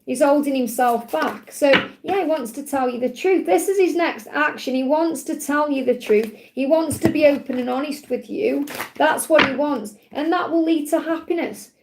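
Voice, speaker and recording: A high-pitched woman doing a live card reading for viewers. She sounds reassuring and keeps checking in with a quick "okay?" as she speaks for someone's feelings. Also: background noise. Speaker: psychic card reader. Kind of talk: live-stream tarot reading.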